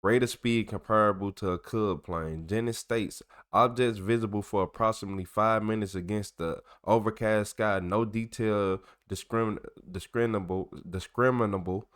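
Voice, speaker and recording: A man with a fairly low voice reads old reports aloud as a channel host. He stumbles on the longer words, corrects himself, and slips into loose, slangy joking between passages. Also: steady tone, moderate pace, few pauses, fairly bright tone, clear, resonant tone. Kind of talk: casual commentary while reading documents aloud.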